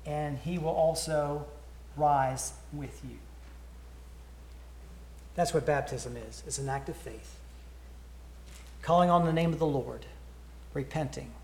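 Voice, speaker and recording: A preacher talks earnestly to his congregation, stumbling over repeated words as he tells a story. His voice sits a little high for a man. The sound rings in an echoey church. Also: slow pace, pauses often, darkish tone, slight background noise. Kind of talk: sermon invitation.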